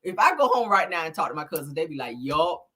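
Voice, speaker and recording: A woman hosting a casual celebrity news show, animated and laughing, calling listeners honey and child. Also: deep voice, rapid-fire, husky. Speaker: host.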